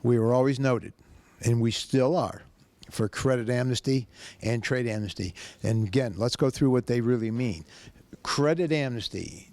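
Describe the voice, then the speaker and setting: A man pitching his car dealership, telling a story in an emphatic, folksy way. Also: a little mellow, no room sound. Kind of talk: animated sales pitch and storytelling.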